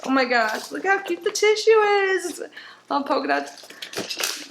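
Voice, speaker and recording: A middle-aged woman hosting a casual unboxing video, gushing and excitable, often gasping and laughing at each item from her desk at home. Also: sits high, normal speed. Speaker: YouTube unboxing channel host. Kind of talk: casual unboxing chat to camera. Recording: roomy home room with faint noise.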